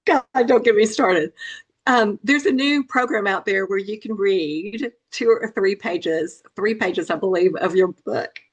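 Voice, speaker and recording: A woman's voice: medium pitch, measured pace, hardly any pauses, breathy edge. A middle-aged woman from Memphis, Tennessee, speaking as an author guest in an interview, earnest and emphatic, repeating phrases for stress. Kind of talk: interview conversation.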